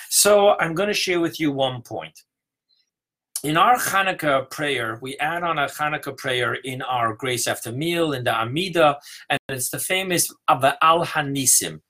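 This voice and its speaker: A man as rabbi, teaching a sermon and stressing key words emphatically, slowing down to land each point. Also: mid-range voice, pushed and bright. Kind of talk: sermon on Hanukkah mysticism.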